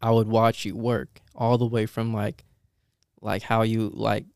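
Animated young man with a smooth voice. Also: lowish voice, unhurried, no echo, clean studio sound. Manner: animated, laughing, many fillers and restarts. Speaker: guest, dental assistant. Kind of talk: casual storytelling interview.

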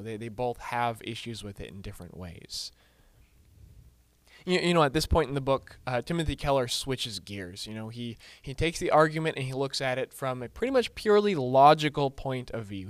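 A man's voice: medium pitch, expressive, normal speed, no room sound. A man leading a casual group book discussion, full of fillers and restarts, putting questions to the group.

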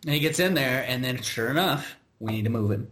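A man's voice: medium pitch, lively intonation, brisk, a bit bright. An American man hosting a podcast, telling a work story in a rambling, exasperated way with many restarts and asides. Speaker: podcast host. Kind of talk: casual conversational storytelling.

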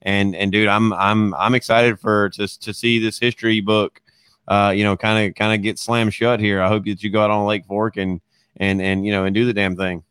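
Laid-back low-voiced man hosting a podcast. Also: little pitch movement, moderate pace, fairly bright tone, smooth, dry recording. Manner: laid-back, stammering, repeats words, says dude and man. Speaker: podcast host. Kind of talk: casual podcast chat.

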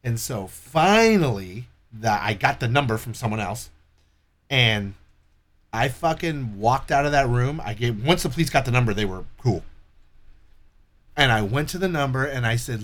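A man with a fairly high-pitched voice and moderate pace tells a drawn-out story as a guest in casual conversation. Lively and foul-mouthed, he performs the quoted speech of the people involved.

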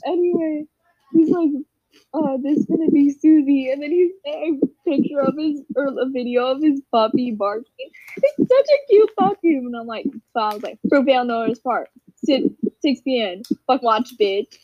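A teenage girl with a high voice tells a story to her friends and acts out the quoted lines with energy. The audio is dry and a bit dull, like a headset on a voice call. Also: moderate pace, no room sound. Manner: animated, acts out quotes, frequent laughs. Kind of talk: casual group chat storytelling.

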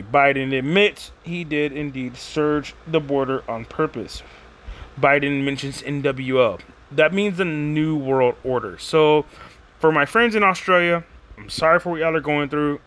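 A man talking in a rambling, casual monologue as a podcast host. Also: medium pitch. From Texas. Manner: rambling, animated, conversational with slang.

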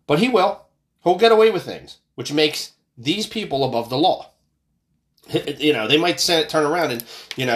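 A man's voice: fairly high pitch, expressive, moderate pace, fairly bright tone. Profane, fired-up man ranting on a podcast. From United States. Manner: profane, angry, ranting with sarcastic outbursts. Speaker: podcast host. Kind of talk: casual political rant.

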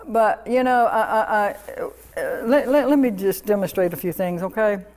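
A woman's voice: medium pitch, moderate pace, a little mellow. A woman pastor preaching a sermon, fervent and declarative, repeating commands and affirmations with restarts.

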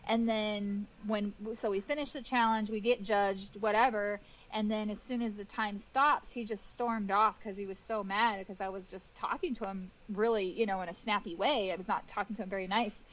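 A woman, a cake decorator, telling stories on a podcast in a casual, animated way, laughing often and acting out what people said. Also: medium pitch, normal speed, few pauses, highs cut off.

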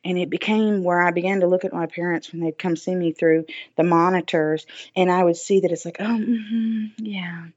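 Woman, podcast guest; earnest, reflective storyteller; lowish voice; dry, dull lo-fi sound. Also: little pitch movement, a little fast, a little mellow. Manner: earnest, reflective, many "you know" fillers. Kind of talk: personal storytelling in an interview.

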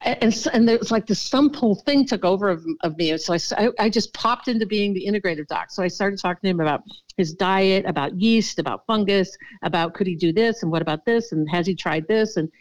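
A woman's voice: mid-range voice, a little fast, dull audio. A middle-aged woman physician telling stories from her work as an interview guest, acting out the quotes. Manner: animated storyteller, acts out quotes. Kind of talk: storytelling in a podcast interview.

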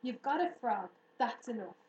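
A woman voicing a firm young girl who gives sharp commands. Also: on the high side, sing-song, normal speed, muffled recording. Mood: commanding. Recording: roomy room echo, faint hiss.

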